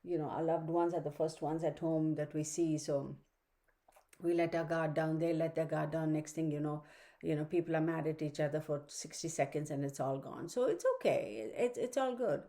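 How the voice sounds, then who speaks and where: Woman doing a weekly astrology reading at home, kinda rambly, lots of ums, mellow low-toned voice. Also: normal speed. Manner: chatty, rambling, lots of fillers and asides. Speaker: astrology reader. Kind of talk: casual astrology forecast monologue. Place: home room with her dog. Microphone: computer microphone.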